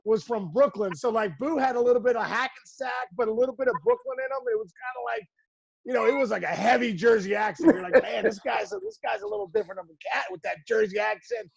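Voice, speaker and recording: A man in his forties with a high, bright voice tells baseball stories on a podcast, animated and laughing, acting out quoted lines. The sound is close and dry, with no room around it. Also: fast talker, creaky, breathy edge, dry recording, muffled recording. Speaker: podcast guest, former pro ballplayer. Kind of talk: casual storytelling chat.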